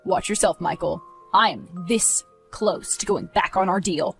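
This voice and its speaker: A woman's voice: lowish voice, a little slow, vocal fry, fairly bright tone, soft background music. A woman voicing a smug, manipulative teenage boy who mocks and coolly threatens his twin. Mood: threatening.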